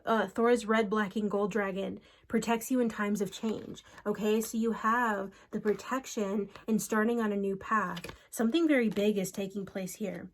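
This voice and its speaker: A woman reads cards for her viewers in an earnest, unhurried way. She pauses to call out to unseen spirits before she goes back to the cards. Her voice sits at an ordinary middle pitch. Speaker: spiritual card reader. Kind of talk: solo channeled card reading.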